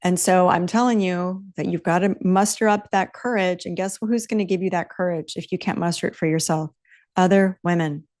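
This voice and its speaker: A woman's voice: on the low side, fairly even intonation, a little fast, a little mellow. A woman in her fifties hosting a solo podcast, talking emphatically and bluntly, swearing freely and repeating her key phrases for punch. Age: 50s. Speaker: podcast host. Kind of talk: solo motivational podcast talk.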